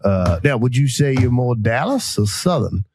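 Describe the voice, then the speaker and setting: A man's voice: mid-range voice, very animated, normal speed, background noise. A man voicing a pompous older male Southern general with a genteel drawl. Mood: hearty.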